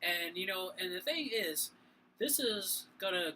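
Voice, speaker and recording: Rambling tipsy man, bright voice. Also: high-pitched, unhurried, a little hiss or hum, low-quality recording. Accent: Boston. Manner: rambling, animated, many fillers and restarts. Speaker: podcast co-host. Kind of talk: casual sports chat.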